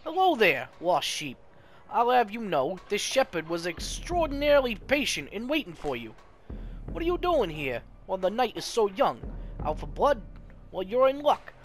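A player voicing a smarmy male vampire preacher who sermonizes with unctuous calm. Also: mid-range voice, normal speed, slight background noise, pitched above the performer's own voice, lightly acted. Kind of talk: voicing game dialogue.

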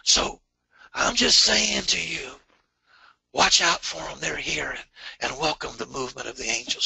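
Gravelly, bright-toned preaching man. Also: mid-range voice, unhurried, no room sound. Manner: fervent, repetitive stammered phrases. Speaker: guest speaker, prophetic artist. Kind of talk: preaching and closing prayer.

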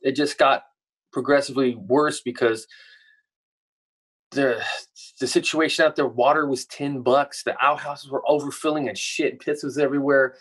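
A man, a musician guest on a podcast, telling stories in a laid-back, relaxed way. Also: mid-range voice, moderate pace, husky. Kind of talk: casual chat.

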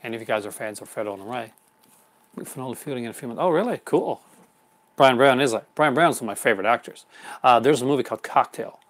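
A man's voice: mid-range voice, lively intonation, quick pace, a bit bright. A man hosting a live unboxing stream in casual chat, rambling and chuckling often. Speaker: host.

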